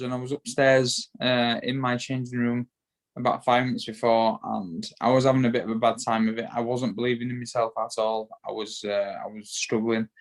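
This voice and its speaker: A man with a Yorkshire accent in a casual interview, talking in a rambling way that repeats words and restarts often. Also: mid-range voice. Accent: Yorkshire English. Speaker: guest, bare-knuckle boxer.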